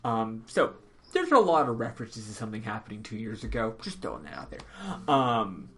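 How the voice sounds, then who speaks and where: A man hosting a podcast, recapping a game in casual chat, rambling with lots of ums and quick laughs. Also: lowish voice, sing-song, a bit bright. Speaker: podcast host.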